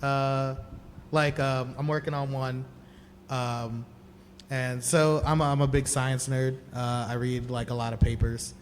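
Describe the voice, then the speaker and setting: A man's voice: mid-range voice, steady tone, a little slow. A male comedian, a guest on the show, speaks hesitantly and stops often to fill gaps. His voice carries a long reverb tail. A faint hiss sits under it. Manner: hesitant, many fillers, chuckling. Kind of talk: casual chat.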